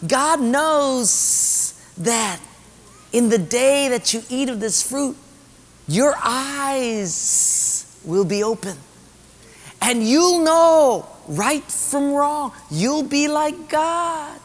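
A smooth-talking male devil, acted by a preacher, coaxes slowly in a high, drawn-out voice. The sermon's long hall echo trails after every phrase. He sounds sly and patient. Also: lively intonation, heavily acted. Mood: coaxing.

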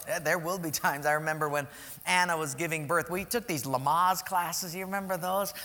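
A male pastor preaching a sermon, telling stories in an animated way that swings between loud and soft. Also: sits high, normal speed, big-room sound.

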